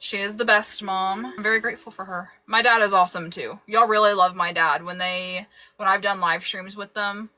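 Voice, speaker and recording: A woman's voice: mid-range voice, fairly even intonation, moderate pace, pushed and bright. A young woman hosting a casual family livestream, chatty and laughing often. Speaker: livestream host.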